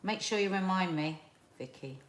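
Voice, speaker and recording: Chatty South Londoner rambling on a live stream. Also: female voice, lowish voice, normal speed. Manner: chatty, rambling, animated storytelling. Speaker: live show host. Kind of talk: casual live-stream chat.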